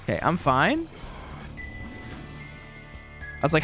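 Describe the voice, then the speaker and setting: A man's voice: a little high, huge pitch swings, slow pace, fairly bright tone, faint music behind. A young man casually commenting on his gameplay from a room at home, rambling and chatty with a self-deprecating manner. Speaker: gaming commentator.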